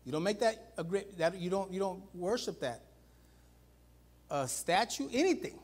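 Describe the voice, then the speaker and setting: Speaking at an ordinary pace, a male pastor gives a lively sermon directed at his congregation. Loud calls give way to quiet, low stresses, and the phrases "watch this" and "guys" come up again and again.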